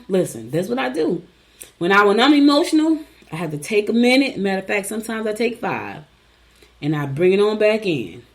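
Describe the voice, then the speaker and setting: A woman's voice: fairly low pitch, darkish tone. A middle-aged woman hosting a show, reading horoscopes in a casual, chatty way with folksy asides and repeated advice. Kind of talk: casual chat, reading and riffing.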